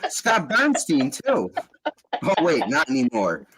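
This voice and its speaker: Man host, casual voice chat, lively swearing rants, pitch jumps around. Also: takes it slowly, slight background noise. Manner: profane, animated ranting.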